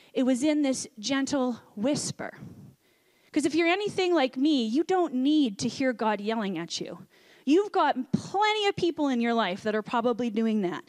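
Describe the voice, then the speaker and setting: Woman pastor, high voice, earnest sermon delivery, hushed quoted lines. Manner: earnest, drops to a soft hush for quoted lines.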